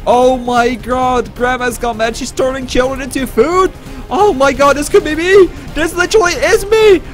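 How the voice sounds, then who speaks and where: Brief: high-pitched male gaming YouTuber, frantic stammering play-by-play. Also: normal speed, soft background music. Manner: panicky and stammering. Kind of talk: gameplay commentary.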